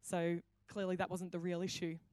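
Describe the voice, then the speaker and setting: A woman's voice: on the low side, little pitch movement, normal speed, a little mellow, dry recording. A woman pastor preaching a sermon, telling the story with acted-out quotes and many restarts. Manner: storytelling, acts out quoted lines, frequent restarts.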